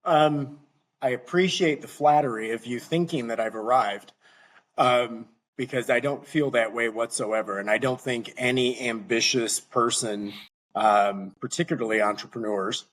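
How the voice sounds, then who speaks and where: A middle-aged man talks as a podcast guest with a husky, slightly rough voice and a middle pitch. He tells his stories animatedly and acts out each person's lines. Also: moderate pace. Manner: animated, acts out dialogue in anecdotes. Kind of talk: conversational storytelling.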